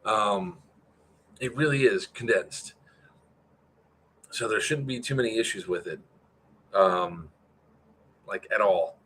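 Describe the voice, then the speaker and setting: Male event organizer, deep, bright-edged voice, casual rambling update style. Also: a little hiss or hum. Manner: rambling, filler-heavy, answers chat.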